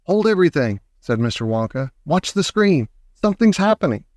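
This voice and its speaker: An eccentric old candy maker full of theatrical cries, voiced by a man reading aloud, pitched up above the narration. The sound is dry and close, with no room around it. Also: sing-song, a little fast, darkish tone, no echo. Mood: excited. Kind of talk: audiobook character voice.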